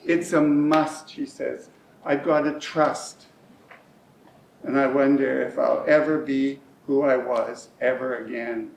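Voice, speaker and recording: A man's voice: a little high, a little slow, slight background noise. A middle-aged man performing a rhymed spoken-word monologue on stage, with a rhythmic, emotionally shifting delivery. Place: community centre hall, live stage. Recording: echoey hall, mic at a distance.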